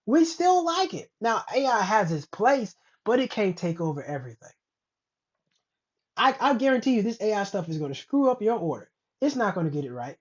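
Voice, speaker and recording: A woman's voice: medium pitch, moderate pace. Woman ranting bluntly, dull lo-fi sound. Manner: blunt, rambling, profane, animated asides. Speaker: host of a commentary show. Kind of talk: casual ranting commentary. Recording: dull lo-fi recording.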